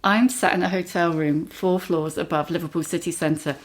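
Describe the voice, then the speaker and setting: A woman in her fifties hosting a podcast, giving measured introductions with dry asides before interviewing her guest in a hotel room. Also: on the low side, steady tone, faint music behind. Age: 50s. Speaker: podcast host, journalist. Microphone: mic perched on an ironing board.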